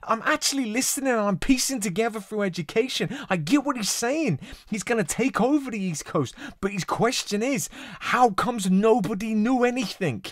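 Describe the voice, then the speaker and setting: Man, high voice, swearing reaction host in a dry, close room. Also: lively intonation, brisk, hardly any pauses, dry recording. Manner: blunt, profane, emphatic. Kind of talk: reaction commentary.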